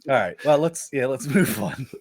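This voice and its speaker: A man's voice: medium pitch, animated, normal speed, dry recording, studio quality. A man co-hosting a sports podcast, easygoing, moving the talk from game to game. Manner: easygoing, leads the segments. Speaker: podcast co-host. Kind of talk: casual sports chat.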